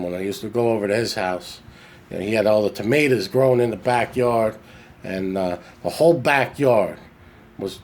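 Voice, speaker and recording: A man's voice: lowish voice, a little mellow, a little hiss or hum. Chatty New man on a phone. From New York. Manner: rambling, chatty, self-correcting. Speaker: podcast host. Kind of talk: casual storytelling monologue. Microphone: phone camera.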